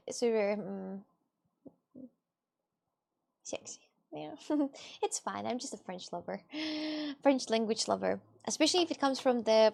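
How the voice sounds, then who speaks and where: A woman streams live and chats casually, answering viewers in a teasing tone. Her voice sits a bit high and has a gravelly fry running through it. Soft music plays underneath her. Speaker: livestreamer reading chat.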